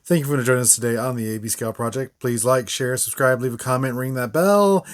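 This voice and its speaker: A man's voice: medium pitch, brisk. A man hosting a casual toy review, rambling with frequent fillers and short laughs. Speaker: toy reviewer, channel host.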